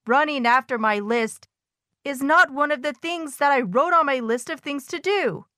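A small, fussy toad who lives by his to-do list, his voice jumping high and frantic as a woman reads him aloud. He sounds anxious and bound to routine. The sound is dry and close. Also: normal speed, sharp tone, no room sound. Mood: panicked. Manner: frantic, high-pitched outbursts.

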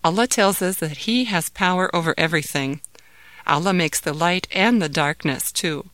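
A woman voicing a gentle, loving mother who soothes her son in a soft, patient way. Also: fairly low pitch, moderate pace, no room sound, close to an everyday voice. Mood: explaining.

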